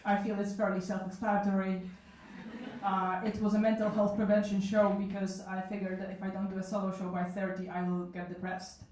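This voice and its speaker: A woman's voice: mid-range voice, flat delivery, a little fast, darkish tone, slight background noise. A woman in her thirties telling comic stories at a live event, frank, self-mocking and chatty with asides. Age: 30s. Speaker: solo show performer telling stories. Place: small cafe event room. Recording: echoey room from a distance.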